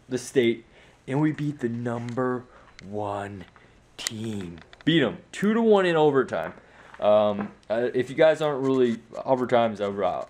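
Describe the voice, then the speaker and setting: A teenage boy rambles through a casual home vlog, his voice at an ordinary middle pitch. He talks loosely and is full of fillers and restarts, making fun of himself. He sounds worn out after a hard practice. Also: darkish tone. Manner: rambling, self-mocking, many fillers. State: tired from sports practice. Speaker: vlogger.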